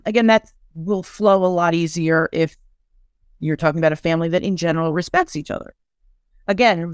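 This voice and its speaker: A woman who is a clinical social worker, giving advice in a casual podcast chat, lively and full of restarts and acted-out asides. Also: on the low side, clean tone, no echo, clean studio sound. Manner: warm, animated, many restarts and acted asides.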